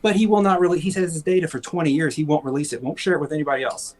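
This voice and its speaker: A man's voice: a little high, steady tone, racing, a little mellow, low-quality recording. A man co-hosting a casual talk show, sarcastic and profane, laughing often and mocking people in put-on voices. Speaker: podcast co-host. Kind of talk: casual chat.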